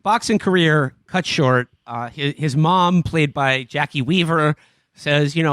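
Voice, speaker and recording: A man co-hosting a casual comedy podcast, recapping a film plot in a halting way with lots of fillers and restarts. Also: a little high, fairly bright tone, no echo, studio quality. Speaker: podcast co-host.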